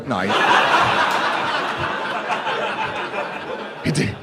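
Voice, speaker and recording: A man's voice: on the low side, moderate pace, very noisy. A young man performing a stand-up comedy set, telling a story in a punchy way, acting out quotes and swearing as he goes. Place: comedy club stage.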